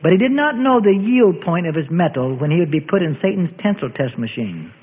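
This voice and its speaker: A man's voice: fairly high pitch, sing-song, brisk, slightly rough. A man narrating a Bible story in a solemn scripted style, with old-fashioned phrasing. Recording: tinny phone-like audio with long reverb.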